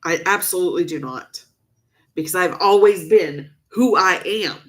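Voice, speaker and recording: A woman's voice: on the low side, normal speed. A woman vlogging to camera, upset and venting emotionally, stressing her points by repeating herself.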